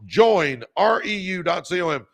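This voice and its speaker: A man's voice: high voice, animated, slow pace, gravelly. A man hosting a motivational livestream, urging viewers on in a revved-up, preacher-like way. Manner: revved-up preacher-like exhortation, calls out viewers by name. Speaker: podcast host.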